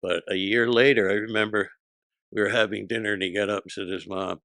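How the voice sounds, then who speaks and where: A man in his sixties, a comedian guest, telling stories in casual chat with a punchy, profane delivery and quick character voices when he quotes people. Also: on the low side, fairly even intonation, creaky, sharp tone, dry recording, clean studio sound.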